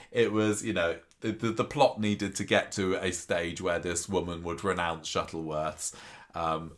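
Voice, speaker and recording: A man with a low voice co-hosts a relaxed chat. He stumbles, restarts and slips into the characters' lines as he talks. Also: unhurried. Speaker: podcast co-host. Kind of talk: casual chat reviewing a soap.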